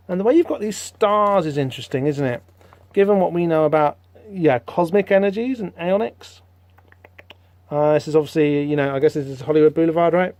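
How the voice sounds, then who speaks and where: Guy rambling on his comic podcast, kinda high voice, dry close mic. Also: fairly quick, dry recording. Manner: rambling, animated, many fillers. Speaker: podcast host. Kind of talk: casual comic-book commentary.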